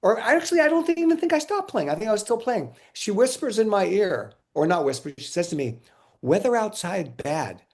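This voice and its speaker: A man being interviewed, telling casual stories in an animated way, acting out quotes and often laughing. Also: high-pitched, fast talker, hardly any pauses. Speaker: interview guest, musician.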